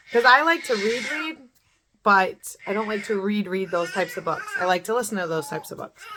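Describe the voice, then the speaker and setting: A woman's voice: medium pitch, background noise. A woman in her thirties giving an earnest, repetitive motivational pep talk to camera, as in a home beauty vlog. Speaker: beauty vlogger.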